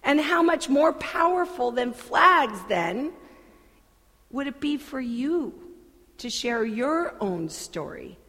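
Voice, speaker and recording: A woman pastor delivering a sermon in a church sanctuary, earnest and deliberate, with conversational asides. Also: high-pitched, big pitch swings, fairly bright tone. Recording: long hall reverb.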